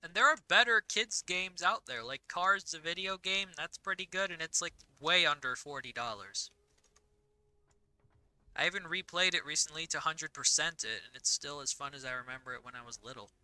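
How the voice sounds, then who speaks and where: A young woman gaming host rants and rambles with exasperated energy, her voice bright and clear. The sound is dry and close, picked up on a voice chat mic. She sits a touch high in pitch. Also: no echo, rough recording. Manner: rapid, rambling, exasperated ranting. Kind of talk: casual gameplay chat.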